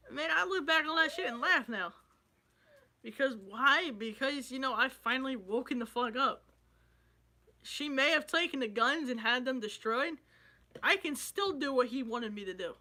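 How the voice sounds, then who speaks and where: A man's voice: very high voice, bright, forceful tone. A young man vlogging in an emotional, rambling way, swearing freely as he talks about loss and his dreams. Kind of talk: emotional casual vlog talk.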